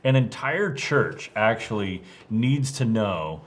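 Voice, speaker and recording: Low-voiced guy co-hosting a church podcast, earnest, lots of um and uh. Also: lively intonation, slow pace. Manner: earnest, reflective, many fillers. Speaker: ministry podcast co-host. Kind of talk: casual podcast discussion.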